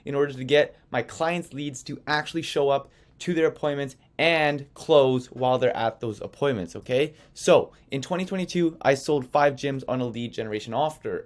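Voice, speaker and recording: Male course instructor, mid-pitched, animated and coaching, tells stories and keeps checking listeners follow. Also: moderate pace. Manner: animated storytelling, checks in with okay and right. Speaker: marketing agency founder teaching sales. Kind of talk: online course lesson.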